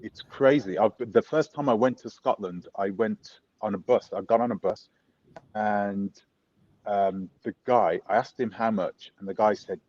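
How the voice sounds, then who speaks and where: A man's voice: lowish voice, unhurried, darkish tone, highs cut off. A man interviewing a guest in a casual chat, asking rambling questions and correcting himself as he goes.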